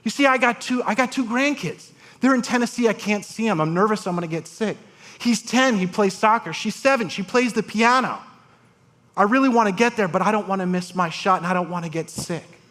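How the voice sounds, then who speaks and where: A man's voice: sits high, brisk, fairly bright tone, pitched above the performer's own voice. Man playing an anxious older grandmother patient, raised and earnest. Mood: earnest worried. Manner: earnest, worried.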